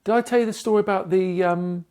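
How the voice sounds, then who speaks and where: A man's voice: high voice, fairly even intonation, quick pace, a little mellow, clean tone. A man from Britain, a podcast co-host in casual chat, telling stories animatedly with lots of swearing and acted-out dialogue.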